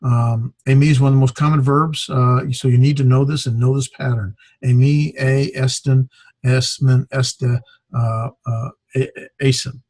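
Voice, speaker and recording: A man lecturing a beginner Greek class, his voice a little husky and recorded close and dry. He talks in a loose, halting way, full of fillers and restarts, and corrects himself as he goes. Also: medium pitch, steady tone, a little mellow, no room sound. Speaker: Greek teacher.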